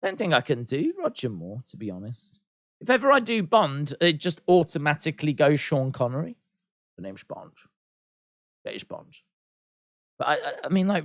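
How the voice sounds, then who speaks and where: Bright-voiced man hosting a live chat. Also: a little high, no room sound, clean studio sound. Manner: chatty, reads out and answers viewer comments; playful teasing humor. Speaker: livestream host. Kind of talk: live watch-along chat.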